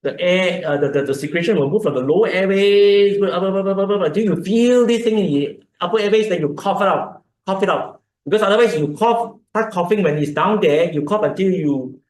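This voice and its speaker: His voice is high-pitched and a little mellow, with a Malaysian English accent. In an echoey lecture hall he delivers an informal health lecture, explaining, repeating words and demonstrating breathing.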